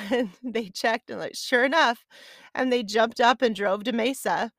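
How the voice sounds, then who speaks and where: A woman's voice: a little high, unhurried, a bit bright, dry recording, clean studio sound. A woman hosting her own podcast, telling a personal story in a chatty, conversational, self-deprecating way. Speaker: podcast host. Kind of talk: casual storytelling.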